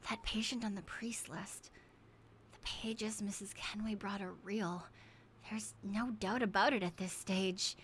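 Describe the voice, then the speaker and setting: A shaken island doctor confides in a diary in a quiet, half-whispered voice, low and steady, with a faint hiss in the background. A woman reads the entries aloud. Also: unhurried, close to an everyday voice. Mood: uneasy. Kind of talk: reading game text aloud.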